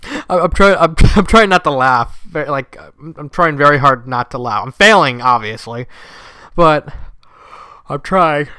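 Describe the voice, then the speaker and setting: A man's voice: fairly high pitch, expressive, a little slow, pushed and bright, clean tone, no room sound. A young man who just woke up, reading a fanfiction aloud with casual commentary and frequently breaking into giggles. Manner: giggly, easily breaks into laughter. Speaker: fanfiction reader.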